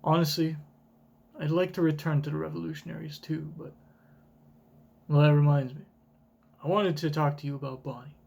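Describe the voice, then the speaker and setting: A man voicing a gentle, kind giant of a man in a soft, earnest tone while reading a comic aloud. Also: fairly high pitch, flat delivery, normal speed, vocal fry, pauses often, lo-fi sound.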